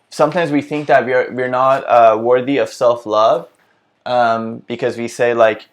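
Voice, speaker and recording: A man's voice: mid-range voice, steady tone, takes it slowly. A man hosting a casual self-help vlog, talking earnestly and reflectively, often restarting his sentences as he thinks aloud. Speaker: vlog host.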